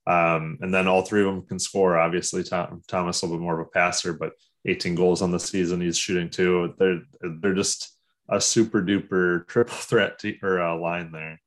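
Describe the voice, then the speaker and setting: A man co-hosting a casual sports podcast, talking like an excited fan with lots of "like" and "um". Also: low-pitched, moderate pace. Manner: excitable fan talk, many fillers. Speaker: podcast co-host.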